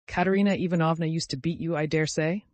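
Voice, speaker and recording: A man's voice: a little high, fairly even intonation, fast, darkish tone, no room sound, voice pushed up, close to an everyday voice. A man voicing a brooding young man who asks terse, probing questions with a bitter edge.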